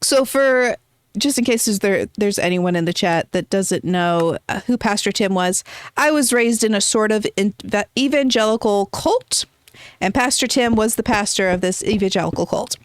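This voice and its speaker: A woman's voice: mid-range voice, moderate pace, clean tone, no room sound. Chatty woman streamer, dry close sound. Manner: chatty, rambling, answers chat. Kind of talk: casual gameplay chat.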